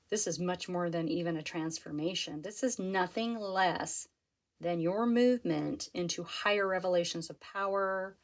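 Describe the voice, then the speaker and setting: A woman giving a pick-a-card tarot reading to her viewers. She is earnest and excitable, and often stops to rephrase herself. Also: lowish voice. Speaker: tarot reader.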